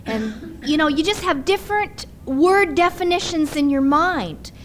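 A middle-aged woman preaching a sermon in a conversational, animated storytelling manner. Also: high voice, measured pace, slight background noise.

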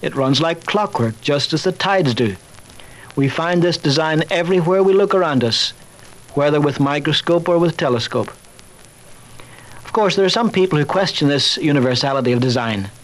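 Older man giving a measured faith talk. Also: on the high side, animated, rough recording. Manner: measured and reasoned, with dry wry humor. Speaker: chaplain and speaker on faith. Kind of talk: recorded talk on faith, told through anecdotes.

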